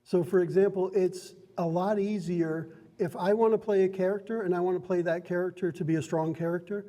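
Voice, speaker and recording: A man's voice: high-pitched, fairly even intonation, a little fast, warm tone, long reverb tail. A man acting as dungeon master in a card and game store, explaining rules to new players in a friendly, instructive way. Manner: friendly, instructive, laughs often.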